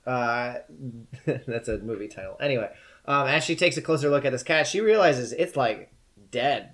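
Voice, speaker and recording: A man's voice: mid-range voice, animated, moderate pace. Guy running a tabletop game, chill rambly narration, lots of ums. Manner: loose, casual narration with fillers. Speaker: game master.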